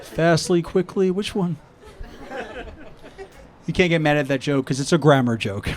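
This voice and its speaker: A man from New York does stand-up on a rooftop outdoors, joking conversationally and acting out talks with friends. He speaks unhurriedly in a voice on the high side, with crowd noise around him.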